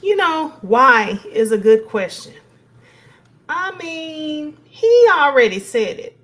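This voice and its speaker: A woman commentating on a live reaction stream, animated and questioning. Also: sits high.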